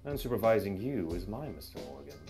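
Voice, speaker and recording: A cool, smirking dog agent, as a man voices him with a low voice and a slow, taunting delivery. He stays composed and sarcastic throughout. Strummed guitar music plays behind. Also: very animated, a little mellow. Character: sly, mocking male dog FBI agent.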